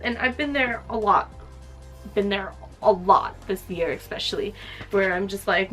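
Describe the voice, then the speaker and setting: A young woman in her twenties talks casually as she wraps gifts. She sounds heartfelt and chatty, with her sentences full of little fillers. Quiet music plays faintly underneath. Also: medium pitch, moderate pace. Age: 20s. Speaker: lifestyle vlogger. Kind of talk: casual chat while wrapping gifts.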